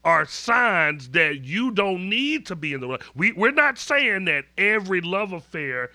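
A man's voice: high voice, very animated, measured pace, bright, forceful tone, no echo. A man co-hosting a talk, chiming in eagerly and asking follow-up questions. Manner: eager affirmations and interjections. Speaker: co-host. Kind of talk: casual chat.

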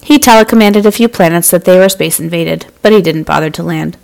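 A woman narrates a bedtime-style children's story as host of her podcast. She speaks to young listeners in a lively, friendly manner. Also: lowish voice, fairly quick, gravelly, poor audio.

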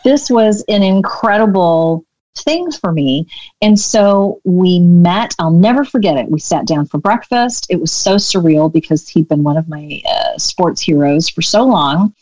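A woman business coach telling a story in a podcast interview, animated and acting out the dialogue. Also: fairly low pitch, a little slow, no echo, highs cut off.

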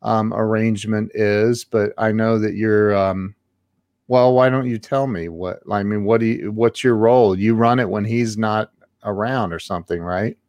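A woman hosting an interview podcast, asking halting questions with many restarts. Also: extremely low pitch, fairly even intonation, darkish tone, dry recording, dull audio. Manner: halting, restarts questions, quick to laugh along. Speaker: podcast host. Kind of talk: casual interview chat.

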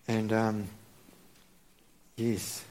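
A middle-aged man preaching a sermon, halting and earnest, with many repeated words and restarts. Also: lowish voice, flat delivery, darkish tone. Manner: earnest and reverent.

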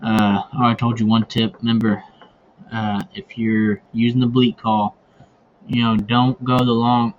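A man's voice: mid-range voice, level tone, measured pace. A man hosting a hunting podcast who tells casual stories, rambling with many fillers and restarts. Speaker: podcast host. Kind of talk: casual storytelling. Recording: dull lo-fi recording with faint ambient noise.

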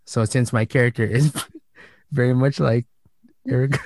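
A man chatting casually as a podcast co-host, telling a story in an animated way and laughing often. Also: mid-range voice, moderate pace, a little hiss or hum. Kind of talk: casual chat.

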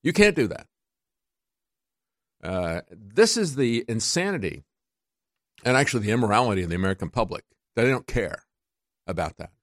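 A man's voice: lowish voice, big pitch swings, moderate pace, long pauses, dry recording, studio quality. A man hosting a talk radio show, delivering a combative, sarcastic monologue that keeps climbing to indignant peaks.

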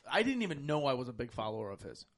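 A man chatting casually, telling stories in a fast, profane, animated way. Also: medium pitch. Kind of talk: casual chat.

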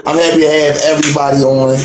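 A man's voice: on the high side, level tone, quick pace, music in the background. A man hosting a casual live-stream chat, laid-back and repetitive with his catchphrases. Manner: laid-back, repeats "feel me" and "let's talk". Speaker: host. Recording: echoey room with faint noise.

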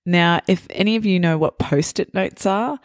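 This is a woman hosting a podcast in a measured teacher voice. Her voice sits on the low side and she explains things clearly for learners. The recording is dry and close to the mic. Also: no room sound. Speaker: podcast host. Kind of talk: casual interview, slow teacher voice.

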